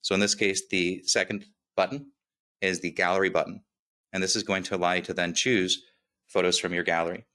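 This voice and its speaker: Webinar presenter, male, slight lisp, flat low delivery, energetic product walkthrough. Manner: upbeat, quick, with filler "right?" checks. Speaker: software demo presenter.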